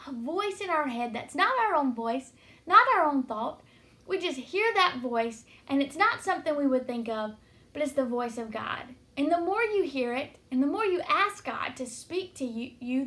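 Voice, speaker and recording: A woman's voice: high voice, fairly bright tone. A woman giving an earnest devotional teaching, telling stories to encourage listeners. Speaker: Christian teacher.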